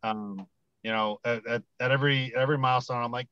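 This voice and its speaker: A man's voice: mid-range voice, steady tone, moderate pace, fairly bright tone, clear, resonant tone, no room sound, lo-fi sound. A man from the United States, a guest collector, chatting easily with lots of ums and you-knows. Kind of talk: casual video-call chat.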